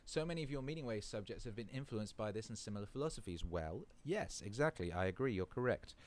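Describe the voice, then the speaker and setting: A man's voice: lowish voice, expressive, fast, darkish tone. A man hosting a casual live stream, reading out chat comments in a laid-back way and swearing freely.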